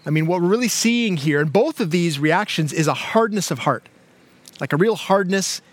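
A man's voice: high-pitched, animated, normal speed, no echo. A man, a pastor, preaching a sermon in a conversational way, with many fillers and restarts. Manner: conversational, with frequent fillers and repeated words.

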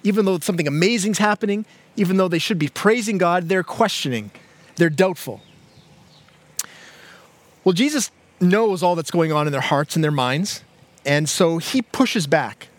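A man's voice: high-pitched, expressive, normal speed, pauses often. A man, a pastor, preaching a sermon in a conversational way, with many fillers and restarts. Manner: conversational, with frequent fillers and repeated words.

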